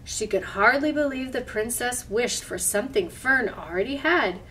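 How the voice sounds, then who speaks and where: A woman storyteller reading a picture book aloud, gently pointing out the pictures as she goes. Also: a little high, expressive, normal speed, a little hiss or hum. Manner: gentle, explaining pictures to listeners. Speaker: library storyteller.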